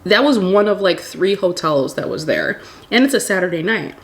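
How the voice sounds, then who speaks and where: Lively woman retelling a story, low-pitched. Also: normal speed. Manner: animated retelling, acting out quoted dialogue. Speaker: vlogger telling a story. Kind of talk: casual storytime chat.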